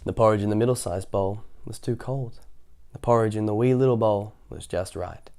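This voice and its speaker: A man's voice: on the low side, moderate pace, mellow. A man reading a children's picture book aloud, in a playful way with chatty asides between passages. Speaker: children's story reader.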